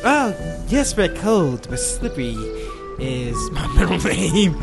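A performer voicing a sly, hypnotic python in a comic improvised retelling of a jungle story, speaking slowly and insinuatingly. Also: medium pitch, big pitch swings, gravelly, full character voice. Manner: slow, drawn-out, insinuating. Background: music.

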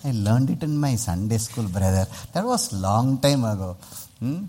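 A man's voice: mid-range voice, moderate pace, a little hiss or hum. A man preaching a sermon as pastor, asking the congregation questions and having them repeat after him. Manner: lively, call-and-response preaching with rhetorical questions.

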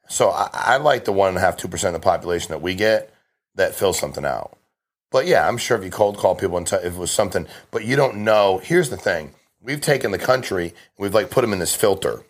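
Guesting on a podcast, a middle-aged man who sells insurance talks in a deep voice with lively intonation. He rattles off stories fast and forcefully, frequently backing up to start over.

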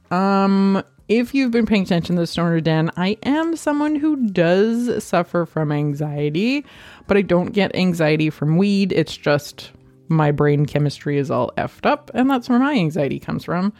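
A woman hosting her own podcast in casual chat, excitable and scattered, swearing freely as she talks. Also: on the low side, a little slow, no echo. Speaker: podcast host.

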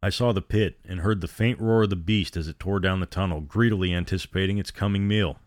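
A man reads a horror story aloud in a steady, grim tone. His voice sits very low, and the recording is dry and close, with no room sound. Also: fast, dry recording. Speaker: narrator. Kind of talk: scripted horror story narration.

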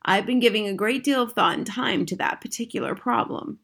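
A woman reading aloud, voicing a calm, wise older grandmother who speaks slowly, softly and with measure. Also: a little high, gravelly, husky, exaggerated voice. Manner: slow, soft and measured.

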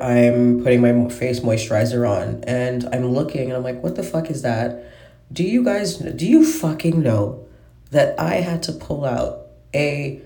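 A woman's voice: deep voice, darkish tone. Profane, exasperated woman venting in a roomy echo. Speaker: vlogger. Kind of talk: casual venting monologue.

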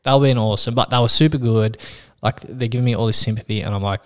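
A man's voice: medium pitch, fast talker. A man hosting a casual podcast chat, telling a story with lots of swearing and acted-out voices. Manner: animated, swears freely, acts out quoted voices. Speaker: podcast host.

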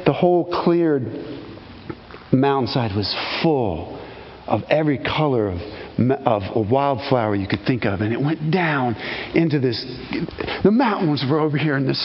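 A male pastor preaches in a voice pitched a little high for a man, animated in his storytelling and hushed when he prays. His sermon rings with a long reverb through a hall. The recording sounds somewhat dull, with faint noise underneath. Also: a little fast. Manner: animated storytelling, exclaims loudly, then hushed prayer.

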